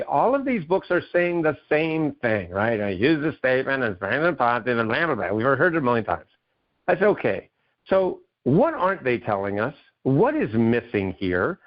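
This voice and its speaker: Enthusiastic man with a dull radio sound. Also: mid-range voice. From Maine, USA. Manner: enthusiastic, animated storyteller. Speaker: guest author and keynote speaker. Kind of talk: radio interview, storytelling.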